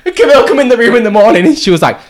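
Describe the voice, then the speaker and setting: A man's voice: extremely high pitch, big pitch swings, rapid-fire, background noise. A young man telling stories in a casual chat, laughing often and swearing.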